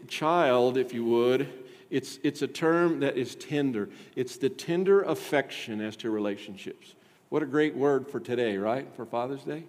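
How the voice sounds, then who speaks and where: A man's voice: mid-range voice, darkish tone. A male pastor delivering an emphatic sermon in a church, asking the congregation rhetorical questions. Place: church sanctuary. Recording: long hall reverb from a church.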